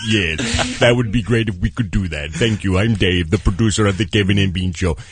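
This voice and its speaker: A man's voice: low-pitched, a little fast, noisy background, pitched below the performer's own voice. A man putting on a stiff, overly formal business voice for an office producer on the phone. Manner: clipped, overly formal, solemn.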